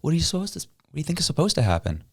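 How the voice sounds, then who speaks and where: Fired-up fast-talking man. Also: a little high, sing-song, slightly rough. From Canada. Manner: rapid, indignant, repeating rhetorical questions. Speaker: podcast co-host. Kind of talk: heated political commentary.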